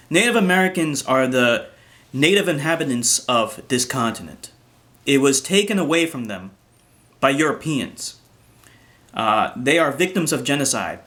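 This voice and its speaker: A man's voice: a little high, a bit bright. A man delivering a ranting commentary vlog in an indignant, profane tone, often restarting his sentences. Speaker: commentary vlogger.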